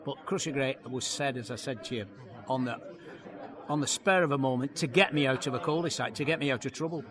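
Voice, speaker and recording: Comic in his fifties, lively yarn-spinner doing voices, interviewed outside over a busy crowd. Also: medium pitch, fairly quick. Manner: lively storyteller, acts out voices, laughs often. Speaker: comedian guest. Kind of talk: anecdotal interview chat. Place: outdoor launch event. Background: crowd chatter.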